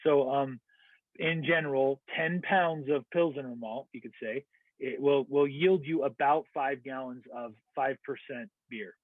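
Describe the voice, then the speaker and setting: An American man gives an online lecture, walking through the material step by step with fillers and self-corrections. His voice sits in the mid-range, and the audio is tinny and phone-like, dry with no echo.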